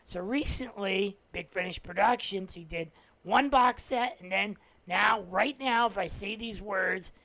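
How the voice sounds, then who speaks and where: A man's voice: sits high, unhurried, gravelly, bright, forceful tone. Rambling New Jersey man hosting a podcast. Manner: rambling retelling with frequent "uh" fillers and restarts. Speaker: podcast host. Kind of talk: casual solo podcast monologue.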